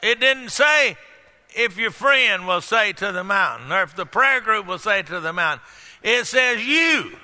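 A male pastor preaching a sermon to a congregation, calling out questions and breaking into sudden shouts. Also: high voice, lively intonation, moderate pace. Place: church hall. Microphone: microphone. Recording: echoey hall.

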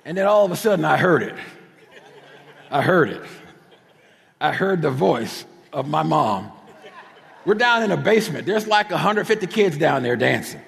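A middle-aged man from New Jersey preaching a sermon, telling stories with lively, casual asides. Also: fairly high pitch, normal speed, vocal fry, pauses often, husky, long reverb tail. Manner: animated storytelling with casual asides.

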